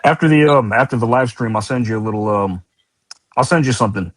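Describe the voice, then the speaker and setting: A man with a deep, manly radio voice, chatting casually as a guest on a boxing livestream. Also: quick pace, poor audio. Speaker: guest co-host. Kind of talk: casual chat.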